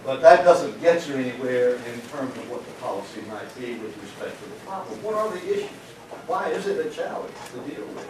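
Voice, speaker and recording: A man's voice: mid-range voice, expressive, fairly quick. An older man giving an economics lecture to a live audience, folksy and anecdotal, with frequent fillers and questions put to the room. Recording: echoey lecture room from a distant mic, noisy.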